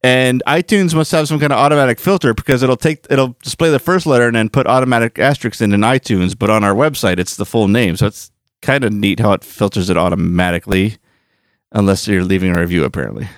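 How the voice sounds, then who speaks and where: Here a podcast host with a lowish voice talks fast in casual conversation. He rambles, self-corrects, and laughs easily, and the clean studio sound has no room tone at all.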